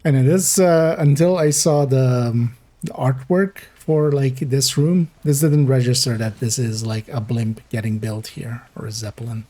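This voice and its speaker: A man's voice: mid-range voice, fairly even intonation, a little slow, mellow. A man streaming a video game, giving casual, rambling commentary with sarcastic asides.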